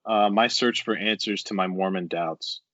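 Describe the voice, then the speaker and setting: A young man tells his story at a rambling, animated clip, peppered with swearing and filler words. His voice sits a touch low. The recording is dry and slightly dull, with little sense of a room. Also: moderate pace, no echo. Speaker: podcast guest. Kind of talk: casual storytelling interview.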